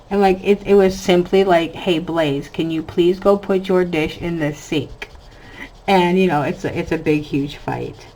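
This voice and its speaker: A woman's voice: fairly low pitch, darkish tone, low-quality recording. A woman in her thirties with an American accent, chatting casually about her family as she colours, drifting between stories and talking through her work. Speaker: coloring channel host. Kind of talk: casual chat while coloring.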